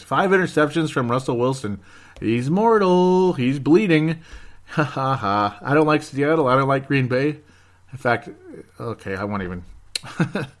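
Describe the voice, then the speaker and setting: A man hosting a sports podcast, rambling through results with sarcasm and mock despair. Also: mid-range voice. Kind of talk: casual sports commentary.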